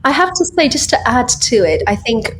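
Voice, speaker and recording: A woman's voice: on the high side, big pitch swings, fairly quick, slight background noise. A woman guest on a podcast, chatting casually and lightheartedly, laughing often between many fillers. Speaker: guest, tech founder.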